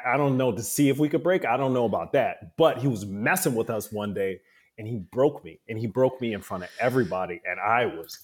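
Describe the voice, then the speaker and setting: A man talking in a casual interview, an animated storyteller who acts out the voices he quotes. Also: mid-range voice. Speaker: guest.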